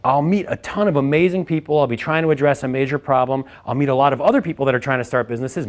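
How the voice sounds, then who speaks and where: A man in his thirties, a founder giving a candid storytelling talk, animated and profane, his voice jumping up when he relives his frustration. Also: mid-range voice.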